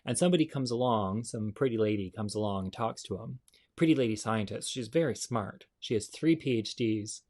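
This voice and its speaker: A man's voice: on the low side, a little fast, a little mellow. A man hosts a comedy show, telling jokes in a chatty, self-mocking style. He talks to the audience directly and laughs off his own bad jokes.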